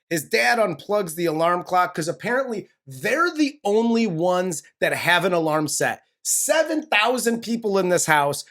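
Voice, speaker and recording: A man's voice: high voice, fairly bright tone. A man co-hosting a casual movie review, heated and profane, who laughs often. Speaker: movie review podcast co-host.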